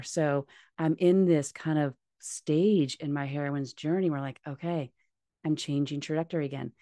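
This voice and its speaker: Low, gravelly-voiced woman guest. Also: a little mellow, no echo. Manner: open, heartfelt, casually swearing. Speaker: podcast guest. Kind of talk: candid conversational interview.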